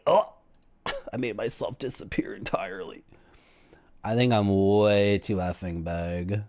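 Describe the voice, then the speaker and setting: A man's voice: fairly low pitch, darkish tone, no echo. A man from Canada, chatting casually and jokingly to viewers while streaming games. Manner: jokey, rambling, puts on silly voices. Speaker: game streamer. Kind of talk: casual livestream chat.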